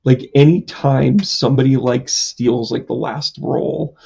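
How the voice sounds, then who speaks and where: A man's voice: medium pitch, fairly even intonation, measured pace, creaky, darkish tone, breathy edge, lo-fi sound. A man, a psychic medium, chatting casually on a live stream, rambling through a story with lots of fillers and self-mocking jokes.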